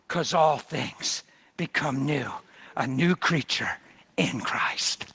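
A man preaching a sermon, animated and dramatic, swinging from loud bursts to hushed near-whispers as he acts out the people in his story. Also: mid-range voice, slow pace, vocal fry, slightly rough.

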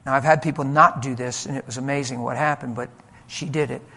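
Animated, emphatic male preacher. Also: medium pitch, fast. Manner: animated, emphatic, shifts between loud and soft. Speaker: pastor. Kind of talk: sermon storytelling.

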